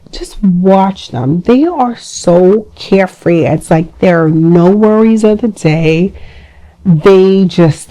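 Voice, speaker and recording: Chatty woman with a mellow, lowish voice. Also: poor audio. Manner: chatty, animated, lively quoted voices. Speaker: podcast host. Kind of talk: casual advice talk.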